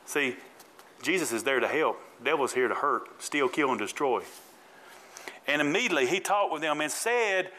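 Man pastor, mid-high voice, preaches casually with call-and-response and vivid retelling. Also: fairly bright tone, low-quality recording. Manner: call-and-response preaching, calls congregants by name; colloquial, dramatic retelling. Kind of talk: sermon.

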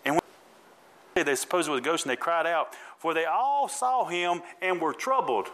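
A man's voice: on the high side, lively intonation, moderate pace, a bit bright, rough recording. A man preaching a sermon in colloquial style, asking the congregation to repeat after him and calling out members by name while dramatically retelling a Bible story. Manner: call-and-response preaching, calls congregants by name. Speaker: pastor.

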